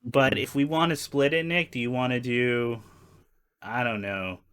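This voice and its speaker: Male podcast co-host, bright tone, laughs and swears through relaxed movie chat. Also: mid-range voice, unhurried, smooth. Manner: laughing, profane storyteller. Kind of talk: casual movie-review chat.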